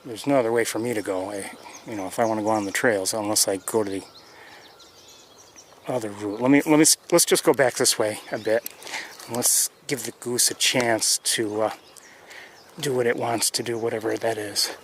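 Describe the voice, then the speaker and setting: A man leads a live birding tour outdoors, chatting casually as he walks nature trails by a pond and thinking aloud with hesitant restarts. His voice is lowish and moderately paced, with birdsong and faint outdoor ambience around him.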